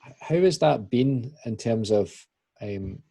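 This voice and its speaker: A man's voice: mid-range voice, animated, slow pace, gravelly, mellow, slightly rough. A man hosting a casual church podcast, asking rambling questions with many restarts. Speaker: podcast host.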